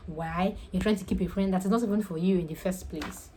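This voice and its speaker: Young nigerian woman vlogging advice, quick and earnest, lowish mellow voice. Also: steady tone, a little hiss or hum, poor audio. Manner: earnest, repeats her points for emphasis. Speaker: faith and lifestyle vlogger. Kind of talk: casual advice talk.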